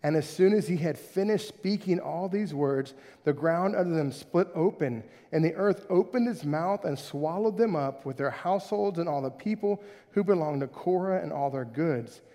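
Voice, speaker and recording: A male pastor preaching a sermon with animated, conversational delivery that swings between loud and soft. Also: fairly high pitch, moderate pace, few pauses. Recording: hall reverb.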